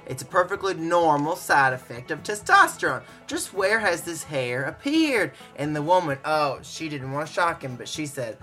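A bright, crisp-toned speaker trades jokes in a loose, playful way, tossing in quick exclamations. A light bed of music plays behind. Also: mid-range voice, very animated. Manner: reacts with exclamations, playful banter. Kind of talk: casual joke telling.

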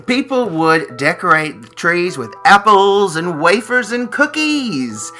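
A man's voice: high-pitched, very animated, slow pace, bright, forceful tone, faint music behind. A man hosting a radio show, joking and teasing his co-host in casual chat. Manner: joking, teasing, breaks into laughter.

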